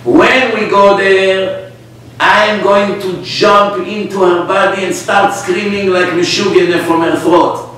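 A man's voice: high voice, steady tone, slow, a bit bright. A man voicing an eager, helpful male demon who makes his offers in a pushy, matter-of-fact way. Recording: echoey room, distant mic, faint noise.

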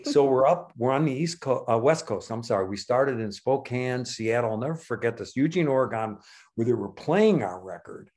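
A man in his sixties telling stories as a guest in a casual conversation, animated and acting out the people in his anecdotes. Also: medium pitch, moderate pace. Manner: lively storyteller, acts out voices in anecdotes. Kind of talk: casual storytelling.

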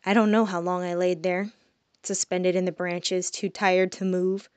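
Woman narrating a fantasy story, soft-spoken. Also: fairly low pitch, little pitch movement, unhurried, clear, resonant tone, no room sound. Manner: soft, drops quiet on reflective lines. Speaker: audiobook narrator. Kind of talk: first-person storybook narration.

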